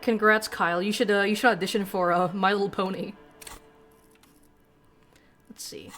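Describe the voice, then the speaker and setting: A woman's voice: medium pitch, fairly even intonation, normal speed, a bit bright, soft background music. A woman streamer giving casual, profane, self-deprecating commentary while reading game text aloud.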